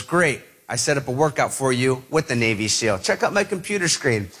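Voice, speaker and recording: A man telling a personal story to an audience, animated, acting out the voices of the people in it. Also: fairly high pitch.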